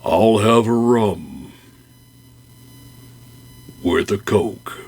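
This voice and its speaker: A man voicing a glum male bear who speaks in a slow, drawn-out, flat way. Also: fairly low pitch, slightly rough, exaggerated voice.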